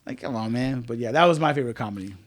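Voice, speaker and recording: A man co-hosting a casual podcast chat, laid-back and full of "man" and "dude", who acts out other people's lines in loud, high voices. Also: racing, dry recording. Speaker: podcast co-host.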